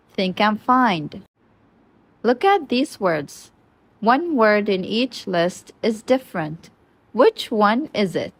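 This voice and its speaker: A woman teacher reads out textbook exercises at an unhurried, very slow pace. Each word is enunciated deliberately, at a medium pitch for a woman. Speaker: English teacher. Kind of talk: reading a textbook lesson aloud.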